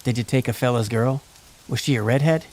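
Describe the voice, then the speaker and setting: A man's voice: mid-range voice, fairly quick, a little mellow, close to an everyday voice. A man voicing Elliot, a teasing young outlaw cowboy with an in an audiobook. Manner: teasing, wisecracking. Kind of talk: audiobook character voice.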